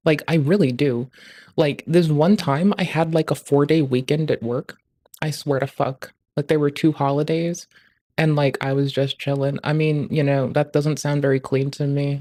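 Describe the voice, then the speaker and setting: Foul-mouthed ranting streamer. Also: no room sound. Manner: profane, ranting, crude jokes; rising loud and high in outbursts. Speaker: livestreamer. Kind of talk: casual stream commentary.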